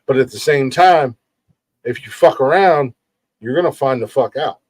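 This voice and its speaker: A man's voice: medium pitch, normal speed, a little mellow, no room sound. A middle-aged man hosting a podcast in casual talk, earnest and emphatic, swearing freely and often stumbling over repeated words. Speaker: podcast host.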